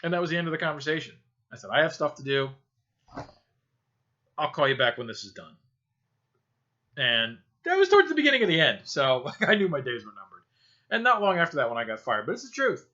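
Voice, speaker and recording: A man hosting a casual solo podcast, his voice bright and forceful as he tells profane, sarcastic stories. He swings from loud outbursts to low mutters. The sound is dull and lo-fi. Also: big pitch swings, fairly quick, long pauses. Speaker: podcast host. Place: home room, low-quality setup.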